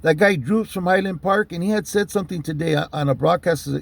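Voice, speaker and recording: A man telling a story in a loose, casual way, swearing often and filling pauses with "you know.". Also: sits high, creaky. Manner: loose and profane, many fillers like "you know". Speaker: storyteller recounting a police stop.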